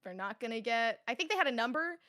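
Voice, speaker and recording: A young woman chatting as a guest in a studio interview, bright and a little high in tone. She rambles through her stories and laughs often, casual and unpolished. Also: lively intonation, fast. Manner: giggly, rambling storyteller. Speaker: esports commentator guest.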